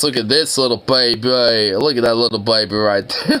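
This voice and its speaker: A livestreamer chatting casually on a live reaction stream, voice turning hoarse and raspy, excitable and swearing, squealing high when gushing. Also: moderate pace, hardly any pauses, slight background noise, poor audio.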